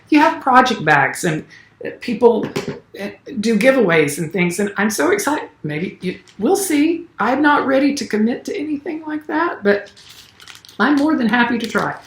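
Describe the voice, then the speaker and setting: A man's voice: extremely high pitch, very animated, measured pace, sharp tone, roomy sound, slight background noise. A man with a Southern accent, chatting casually to camera as a cross-stitch vlogger, rambling and gushing with many fillers and restarts.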